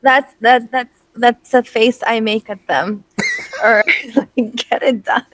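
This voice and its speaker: A woman guest in a casual interview, speaking in a middle pitch and laughing easily. She talks haltingly, with fillers and restarts, and the recording is dry and close. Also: steady tone, no room sound, low-quality recording. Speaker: band singer, interview guest.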